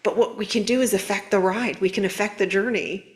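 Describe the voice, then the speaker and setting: A woman hosting a spiritual guidance video, talking in an earnest, conversational, animated way. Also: mid-range voice, fairly quick. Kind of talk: casual spiritual coaching talk.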